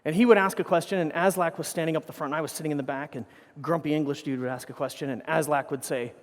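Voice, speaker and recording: A man's voice: fairly high pitch, fairly even intonation, fast, long reverb tail. A man giving a conference keynote, telling rambling anecdotes full of swearing and self-corrections into a stage microphone. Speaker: keynote speaker.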